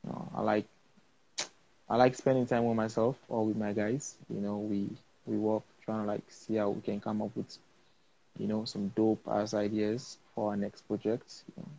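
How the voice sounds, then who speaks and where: A man's voice: lowish voice, flat delivery, normal speed, creaky, dark tone, lo-fi sound, slight background noise. A young man with a Sierra Leonean accent, a film-maker talking casually and rambling in a live interview, full of fillers and restarts. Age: young adult. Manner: laid-back, rambling, many fillers and restarts. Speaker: interview guest, cinematographer.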